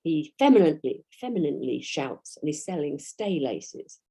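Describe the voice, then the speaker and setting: A woman with a British English accent gives a history lecture, reading out dates and quotations at a measured pace. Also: low-pitched, very animated, dark tone, breathy edge. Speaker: historian giving a talk.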